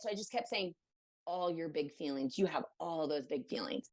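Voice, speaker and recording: A woman's voice: lowish voice, brisk. A woman from Maryland, a podcast guest, telling a personal story in a casual interview, acting out what others said, with many fillers. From Maryland, USA. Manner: animated, acts out quoted voices, many fillers.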